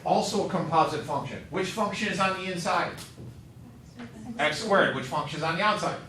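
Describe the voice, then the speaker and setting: A man's voice: high voice, normal speed, pushed and bright, a little hiss or hum. A male math teacher lecturing a class, quizzing students with upbeat joking asides. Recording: echoey classroom, mic far off.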